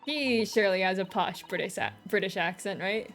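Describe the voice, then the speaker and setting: A woman's voice: mid-range voice, brisk, hardly any pauses, fairly bright tone, soft background music. A woman with an American accent chatting casually and giggling as she plays through a story game on stream.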